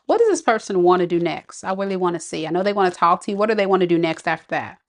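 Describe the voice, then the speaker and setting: A woman's voice: fairly low pitch, animated, racing. A woman giving a live tarot reading, talking casually and reacting to viewer comments. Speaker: tarot reader.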